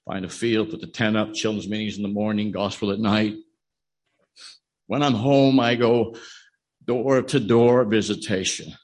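Older male evangelist, husky and lowish, folksy testimony style. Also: steady tone, a little slow, darkish tone. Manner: plain storytelling with laughs and restarts. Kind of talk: personal testimony in a sermon.

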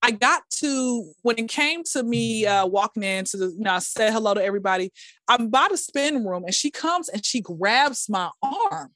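A woman, a podcast guest, telling stories in a casual, animated way and acting out quotes in a high voice. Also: normal speed, no room sound, clean studio sound. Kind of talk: casual storytelling chat.

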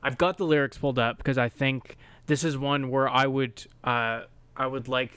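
Podcast co-host, male, smooth clear voice, dry close sound, jokey casual delivery. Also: medium pitch, steady tone, moderate pace, fairly bright tone, no echo. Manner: joking, chuckles at his own bits. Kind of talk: casual chat.

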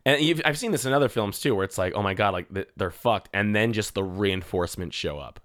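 A man co-hosting a podcast, chatting casually and excitedly about a movie, swearing and acting out scenes. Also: fairly low pitch, brisk. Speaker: podcast co-host. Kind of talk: casual movie-review chat.

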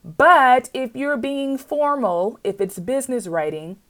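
A woman's voice: high-pitched, a little slow, fairly bright tone. Chatty woman teaching grammar. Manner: chatty, playful asides, frequent checks with the viewer. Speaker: writing teacher. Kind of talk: casual grammar lesson.

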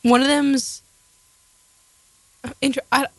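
A woman's voice: high-pitched, level tone, slow, a bit bright, dry recording, rough recording. Dry-witted young woman, close and dead mic. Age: young adult. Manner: dry, teasing short replies. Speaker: podcast co-host. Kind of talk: casual chat.

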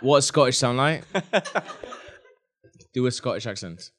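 A man's voice: mid-range voice, measured pace. A man joking around as a player, giggly and teasing in casual banter.

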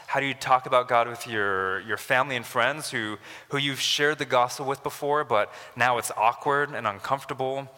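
Bright-voiced male pastor preaching in a reverberant hall. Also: medium pitch, normal speed, hardly any pauses. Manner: conversational, builds to emphatic rises. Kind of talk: sermon.

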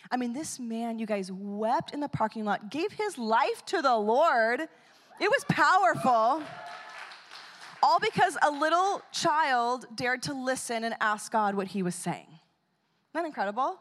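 A woman gives a storytelling sermon, acting out the lines of the people in her story. Her voice sits a little high. The sound rings with the long reverb of a large hall. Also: a little slow. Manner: animated storyteller, acts out quotes. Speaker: speaker at a church or conference.

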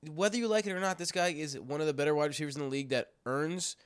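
A man's voice: fairly high pitch, very fast, clear, resonant tone, dry recording, clean studio sound. A man hosting a casual fantasy football podcast, sick with a cold, loose and joking, talking into a computer microphone. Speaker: podcast host.

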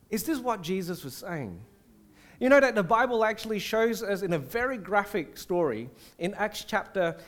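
A man with a high voice delivers a sermon in an animated, conversational way. He slips into acted-out prayers and quotes and restarts his sentences as he goes. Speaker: preacher.

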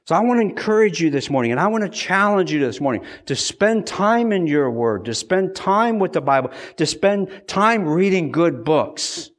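Pastor, male, middle-aged, higher-pitched, emphatic preacher voicing the crowd's challenges. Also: expressive, moderate pace, few pauses. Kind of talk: sermon.

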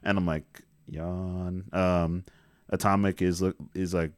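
A man co-hosting a casual movie review chat, laid-back and joking, often pausing on fillers. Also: deep voice, flat delivery, smooth, dry recording, clean studio sound. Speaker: podcast co-host.

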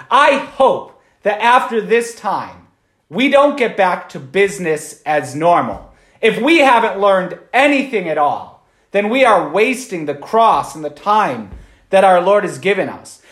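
A man's voice: high-pitched, big pitch swings, unhurried, fairly bright tone, reverberant. A man, a Catholic priest, giving an informal Sunday homily in a conversational way, often checking in with "right?".

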